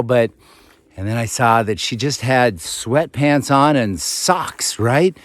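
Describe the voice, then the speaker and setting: A man casually telling a rambling story to camera outdoors in a forest, chatty and quick to laugh. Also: lowish voice, no echo. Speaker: vlogger.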